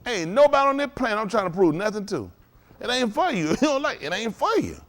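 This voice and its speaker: High-voiced man preaching loosely. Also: big pitch swings, quick pace. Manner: chuckling, asks the congregation "ain't that right?". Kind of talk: loose conversational sermon.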